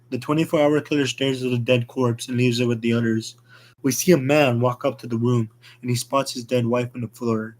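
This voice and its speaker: A man narrating an amateur horror story in a plain, hurried reading with small slips. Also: mid-range voice, fairly even intonation.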